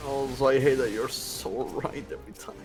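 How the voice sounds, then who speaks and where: A man's voice: medium pitch, steady tone, a little fast, over music. Rambling, joking man on voice chat. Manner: rambling, joking, swears casually. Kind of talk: live stream banter.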